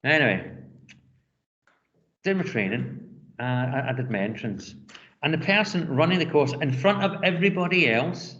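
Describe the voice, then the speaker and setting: A middle-aged man with a Scottish accent, a teacher telling classroom anecdotes in a quick, chatty way. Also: a little high, animated, fairly bright tone, highs cut off, slight background noise. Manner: fast-talking, anecdotal. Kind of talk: casual classroom storytelling.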